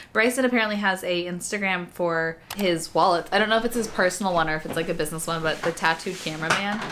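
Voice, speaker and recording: A woman in her thirties vlogging from a hotel room, chatty and openly emotional, talking to a camera sitting on her bed. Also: slight background noise. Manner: chatty and openly emotional, voice swinging high when excited. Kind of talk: casual vlog chat.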